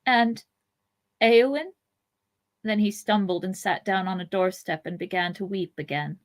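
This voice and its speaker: A woman's voice: on the low side, a little fast. Woman podcast co-host: reads prose aloud, then switches to chatty banter with laughs and casual swearing. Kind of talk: reading aloud and casual chat.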